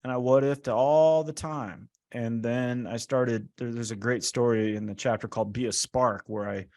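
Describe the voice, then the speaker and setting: A man's voice: medium pitch, normal speed. A man talking as a guest author in an interview, telling stories casually and acting out the dialogue he quotes. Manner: animated, acts out quoted dialogue; casual, frequent "right?" and "like". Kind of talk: storytelling interview talk.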